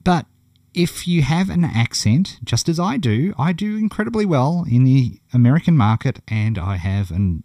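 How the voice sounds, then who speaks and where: A man's voice: medium pitch, sing-song, moderate pace, dark tone, no room sound, clean studio sound. A middle-aged man with a broad Australian accent, teaching an online course in a blunt, chatty, encouraging way. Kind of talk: casual video lesson.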